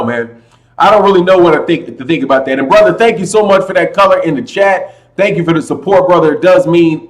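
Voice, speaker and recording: A man hosting a casual boxing livestream, talking loudly and with a lot of energy, his voice pitched a bit high for a man. He keeps calling his listeners "man" and "brother" as he reads their chat. A slight echo sits on his computer mic. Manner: loud, animated, says "man" and "brother" a lot. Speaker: boxing channel host.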